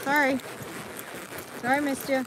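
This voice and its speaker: A woman's voice: high-pitched, flat delivery, normal speed, background noise. A woman live-streaming on her phone while riding a horse on a trail outdoors, chatting casually and coaxing her dog along in a sing-song voice.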